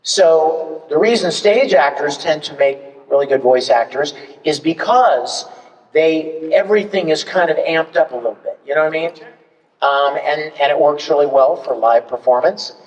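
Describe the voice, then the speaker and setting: A man speaking as the guest voice actor at a convention fan panel, telling stories in an animated way and acting out examples, heard in an echoey hall from far off. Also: a little high, moderate pace. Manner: animated, acts out examples with big swings.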